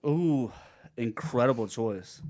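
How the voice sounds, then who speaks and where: A man in his thirties hosting a casual podcast chat, animated and jokey, bursting into loud sound effects and laughs. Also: medium pitch, slow. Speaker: podcast host.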